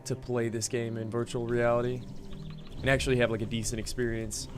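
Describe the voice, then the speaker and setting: A man streaming a game, chatting casually to viewers, relaxed and laughing often, calling people "dude" and "man". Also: mid-range voice, a little fast. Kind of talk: casual live-stream chat. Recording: game music underneath. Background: game music.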